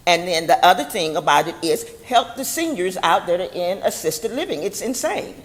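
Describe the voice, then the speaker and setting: A woman's voice: on the low side, sing-song, normal speed, long reverb tail. A woman of seventy, a chaplain giving public comment at a board meeting, rambling and preacherly, blessing her listeners. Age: 70s.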